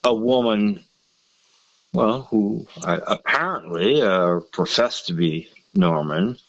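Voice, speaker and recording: Irish guy chatting about books, lowish voice, kinda muffled lo-fi sound, lots of uhs. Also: slow. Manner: hesitant, many restarts and fillers. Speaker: podcast co-host. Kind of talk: casual chat.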